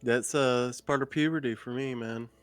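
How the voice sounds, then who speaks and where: Relaxed male esports co-commentator, dry sound. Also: medium pitch, normal speed, clear, resonant tone, no room sound, soft background music. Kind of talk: live game commentary.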